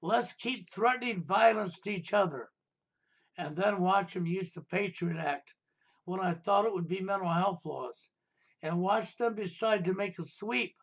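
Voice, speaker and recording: High-voiced ranting male stream host. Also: a little slow, gravelly. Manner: ranting, insistent, repeats "okay?" and "right?". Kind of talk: heated political talk stream.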